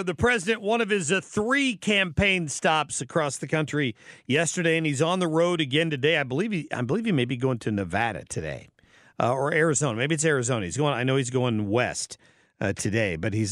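A man's voice: mid-range voice, fairly bright tone, no room sound, clean studio sound. A man hosting a radio talk show, chatting casually with many restarts and fillers. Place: radio studio.

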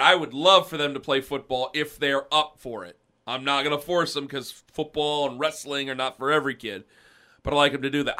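Booming man in his thirties, bright and a touch high, rambling casual podcast chat with restarts. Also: fairly quick. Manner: rambling, self-deprecating, lots of restarts. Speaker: podcast co-host.

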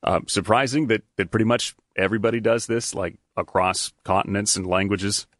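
A man with a lower voice co-hosts a news interview, talking fast in a brisk, chatty way. His sound is dry and close. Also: steady tone, a bit bright, dry recording. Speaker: news radio co-host.

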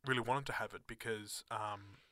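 A bright, forward-sounding man co-hosts a laid-back talk show. He jokes and rambles, leaning on fillers as he goes. The recording is dry and close. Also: lowish voice, steady tone, normal speed, no echo. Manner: jokey, rambling, many fillers. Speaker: co-host. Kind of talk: casual chat.

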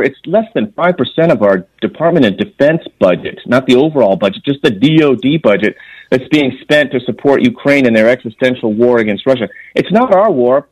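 A man's voice: medium pitch, darkish tone, no echo, rough recording. A man speaking as a guest on a radio interview, earnest and emphatic, restarting phrases as he argues his point. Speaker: guest, former intelligence officer.

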